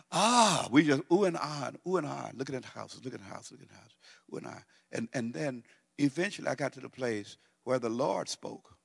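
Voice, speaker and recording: In a large hall, a middle-aged male pastor preaches a sermon, his gravelly, slightly rough voice moving a little fast. He swings between loud, excited near-shouting and low, quiet speech.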